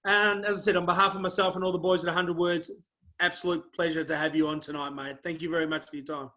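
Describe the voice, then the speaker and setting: A man's voice: fairly high pitch, little pitch movement, fast talker. A man hosting an interview show, talking casually and heaping praise on his guest with lots of fillers. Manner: effusive, warm praise, many fillers.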